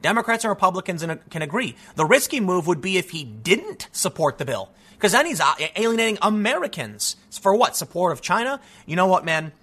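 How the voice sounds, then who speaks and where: Male solo commentary host, high lively voice, bright tone, sarcastic and stammering. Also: fairly quick, hardly any pauses, husky. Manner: animated, mocking, stammers repeats.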